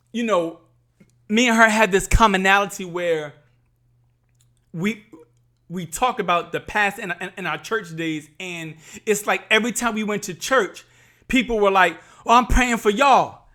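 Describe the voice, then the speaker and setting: A man's voice: high voice, a bit bright. A man hosting a podcast, giving a candid, emphatic faith talk and speaking straight to his viewers as y'all. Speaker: podcast host.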